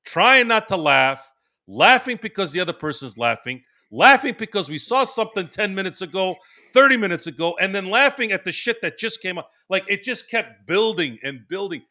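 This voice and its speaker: A man in his forties, a podcast host, telling a long casual story, animated and full of restarts. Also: high voice, normal speed. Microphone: remote stream microphone.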